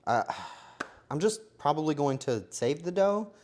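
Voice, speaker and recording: A man live-streaming himself baking, joking to his chat and swinging between quiet mutters and loud outbursts. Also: fairly high pitch, expressive, measured pace. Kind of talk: casual live-stream commentary while baking.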